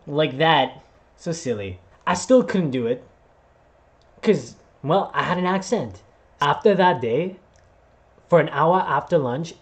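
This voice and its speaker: A man and voice actor telling a personal story to camera in a casual vlog, acting out voices as he goes. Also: on the high side. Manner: animated, acts out voices while telling a story. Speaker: vlogger and voice actor.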